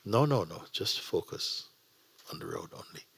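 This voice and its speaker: A man voicing a calm male driving instructor who quietly insists. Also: low voice, moderate pace, vocal fry, breathy edge, exaggerated voice. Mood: insistent.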